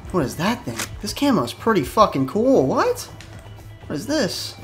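A man giving casual commentary over his own gameplay, excitable, swearing and yelping when the action spikes. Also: high voice, normal speed, over music. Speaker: gaming YouTuber. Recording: game noise behind voice.

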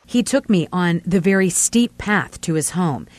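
A woman's voice: lowish voice, expressive, a little slow, darkish tone, dry recording. A woman news reporter giving scripted, earnest narration.

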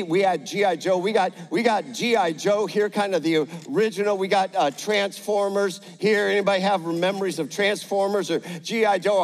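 An older man preaching a sermon on stage, energetic with the crowd and gentle with a child. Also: sits high. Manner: energetic, rallies the crowd with call-outs; gentle and playful when talking to a child. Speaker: pastor. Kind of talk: sermon with a live demonstration. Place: large church auditorium, on stage. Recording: echoey large church hall.

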